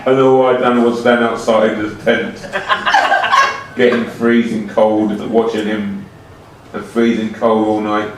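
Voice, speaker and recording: A comedian delivers an absurd comic monologue, slow, rambling and deadpan, with broken grammar. His voice sits on the low side and sounds distant in an echoey room with background noise.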